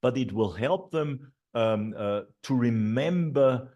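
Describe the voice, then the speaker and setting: A man's voice: medium pitch, expressive, takes it slowly, dark tone, muffled recording. A middle-aged man giving a teacher training talk, walking through classroom steps with many fillers and repeated et ceteras.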